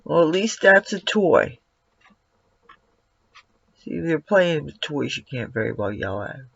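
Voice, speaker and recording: A man's voice: a little high, big pitch swings, a little slow, vocal fry, fairly bright tone, slightly rough, no room sound. A man giving a casual makeup tutorial at home, rambling and breaking off to talk to his cat. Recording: dull lo-fi, dry sound.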